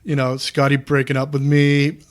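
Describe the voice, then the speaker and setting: A man's voice: medium pitch, completely flat delivery, moderate pace. Earnest rambling man in his thirties. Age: 30s. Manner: rambling, earnest, many restarts and fillers. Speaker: guest, former pro wrestler. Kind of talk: candid podcast conversation.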